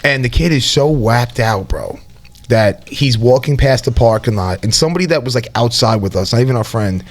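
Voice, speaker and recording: Animated, profane male storyteller. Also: mid-range voice, brisk. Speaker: podcast co-host. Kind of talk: casual storytelling chat.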